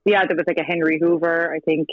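A woman's voice: low voice, steady tone, fast talker, no echo. Irish woman talking over a tinny phone line. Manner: chatty storytelling, acts out quoted dialogue, laughs between lines. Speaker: guest, former partner of the subject. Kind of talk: casual interview over the phone.

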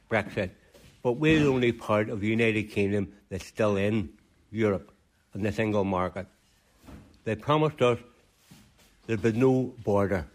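A man gives blunt, insistent answers to a reporter. His voice is on the low side. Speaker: interviewee. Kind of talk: street interview.

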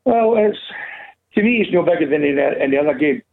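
A man calling a football phone-in, tired and a bit out of breath, calm and dismissive of rivals. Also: on the high side, fast. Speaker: caller, Celtic fan. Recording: tinny phone line.

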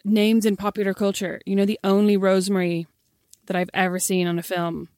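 An Irish woman talks at a brisk clip in relaxed chat with her sister. Her asides are dry and wry. The sound is close and dry, with no room around it. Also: medium pitch, dry recording. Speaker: podcast co-host. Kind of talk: casual chat between sisters.

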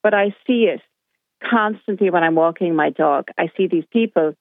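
A woman's voice: fairly low pitch, moderate pace, no room sound. A middle-aged woman calling into a radio show and telling her story with indignation. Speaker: caller. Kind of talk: phone-in call. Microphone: telephone. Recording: tinny phone line.

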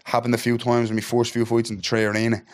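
A man talks quickly as a guest, telling stories in an animated, casual way. He swears freely and keeps asking "do you know what I mean" as the words tumble out. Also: mid-range voice. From Ireland. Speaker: guest, MMA fighter. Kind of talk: casual storytelling.

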